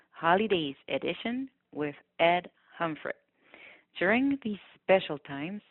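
A woman's voice: fairly low pitch, no echo. A woman from a community project giving a formal, earnest greeting on a radio show. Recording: dry tinny phone-like line.

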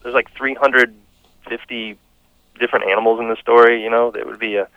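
A man being interviewed as a guest about his children's books, relaxed and chuckling as he talks. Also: mid-range voice, a little fast, no echo. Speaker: guest, children's book author and illustrator. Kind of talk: casual interview chat. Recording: dry, dull lo-fi sound.

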